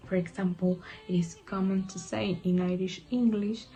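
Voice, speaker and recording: A woman reading a scripted lesson narration in a measured, explanatory way. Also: medium pitch, steady tone, mellow, soft background music, rough recording. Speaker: teacher.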